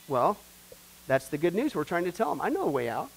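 A man's voice: very high voice, sing-song, fairly quick, a bit bright, rough recording. A man teaching a church discipleship class in a sermon style, talking conversationally and putting rhetorical questions to the class. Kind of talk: sermon-style Bible lesson.

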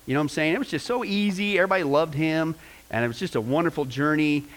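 A fairly high-pitched man preaches to his congregation in an easygoing, conversational way. He rambles as he goes and keeps checking in with the room with quick "okay?" and "you know what I'm saying?" asides. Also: a bit bright, low-quality recording. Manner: informal, rambling delivery with many okays and you-knows. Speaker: pastor. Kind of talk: sermon.

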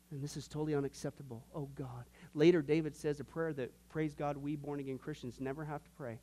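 A man's voice: on the high side, warm tone. A man teaching an informal Bible class, folksy and joking, often slipping into quoted voices.

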